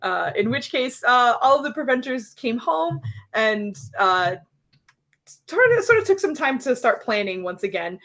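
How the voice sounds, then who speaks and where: A woman's voice: on the high side, big pitch swings, unhurried, fairly bright tone. A woman running a homebrew tabletop game, recapping the last session in a chatty way with many fillers. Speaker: dungeon master.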